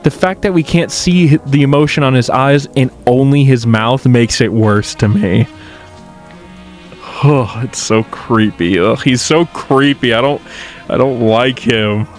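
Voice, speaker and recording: A man's voice: mid-range voice, measured pace, soft background music. A man giving casual reaction commentary on a horror series, ranting in exasperation and swearing, with frequent restarts.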